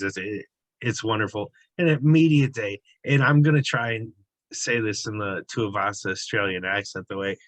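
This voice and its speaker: A man's voice: medium pitch, fairly bright tone, no room sound, rough recording. A man giving sports betting analysis in a casual, conversational way, with frequent fillers and restarts.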